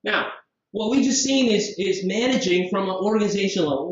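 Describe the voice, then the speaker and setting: A man from Southeast Asia giving a live conference software demo, lively and jokey, full of rhetorical questions. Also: high-pitched, moderate pace. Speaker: conference presenter. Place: conference room. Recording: very echoey, distant, dull hall sound.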